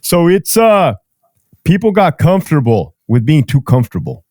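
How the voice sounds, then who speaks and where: A man's voice: on the high side, sing-song, moderate pace, darkish tone, no room sound, studio quality. A man hosting a podcast, talking casually with frequent swearing and laughter. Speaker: podcast host. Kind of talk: casual chat.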